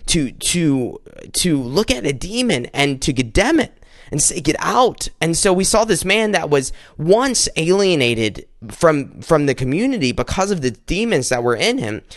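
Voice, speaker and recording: A male preacher delivers a sermon in a casual, conversational way, often restarting and repeating his words. His voice sits somewhat high for a man. The sound is dry and close, with no room echo. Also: big pitch swings, unhurried.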